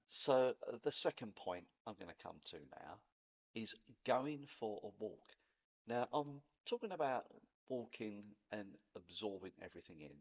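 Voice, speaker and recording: Chatty Cockney man, lively, husky. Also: lowish voice, dull audio. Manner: chatty, rambling, laughs at himself. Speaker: vlogger. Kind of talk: casual spoken talk to camera.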